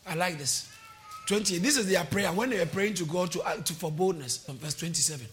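Pastor guy preaching hard, high voice, sharp and bright, yelling a lot. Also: brisk. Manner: impassioned, often shouting, with call-and-response; quotes verses then explains them. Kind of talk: sermon.

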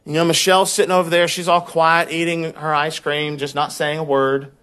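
Animated storytelling pastor, man. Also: on the high side, brisk, smooth. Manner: conversational, animated storyteller, repeats words when worked up. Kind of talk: sermon with personal storytelling.

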